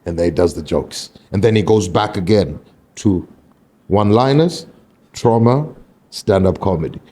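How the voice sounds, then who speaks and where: A man's voice: fairly low pitch, lively intonation, moderate pace, mellow. A middle-aged man, a comedian guest on a podcast, talking in an earnest, emphatic way in casual chat.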